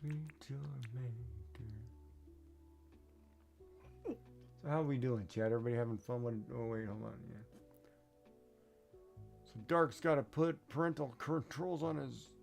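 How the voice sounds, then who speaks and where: A man's voice: mid-range voice, moderate pace, creaky, long pauses, soft background music. A man streaming a game, chatting casually and rambling, often checking in with "right?". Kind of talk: casual chat while gaming.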